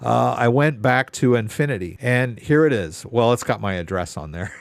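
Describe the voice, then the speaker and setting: Man rambling through a story, lively pitch. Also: normal speed, gravelly, dry recording. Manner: rambling, storytelling, exasperated asides. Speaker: live Q&A host. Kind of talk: casual live-stream chat.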